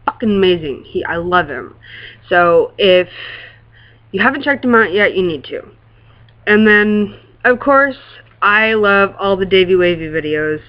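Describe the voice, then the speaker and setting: Casual vlogger rambling and gushing, swears a lot, um and like everywhere, kinda muffled lo-fi audio. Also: mid-range voice. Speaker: works in a classroom. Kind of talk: casual chat to camera.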